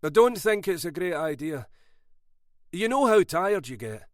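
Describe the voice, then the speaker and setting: A man's voice: high-pitched, big pitch swings, measured pace, no room sound, studio quality, pitched above the performer's own voice. A man voicing a possessive, controlling husband who coaxes and threatens. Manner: coaxing then snarling, possessive. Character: controlling, obsessive husband turning menacing.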